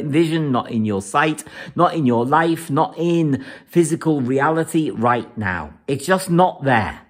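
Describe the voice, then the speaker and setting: A man giving a weekly astrology forecast, emphatic and repetitive, often laughing as he talks. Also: medium pitch.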